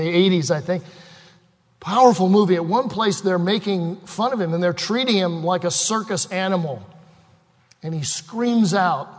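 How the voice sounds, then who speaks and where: A man preaching a sermon with passion, rising to loud bursts and dropping to slow, quiet scripture reading. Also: high voice. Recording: long hall reverb.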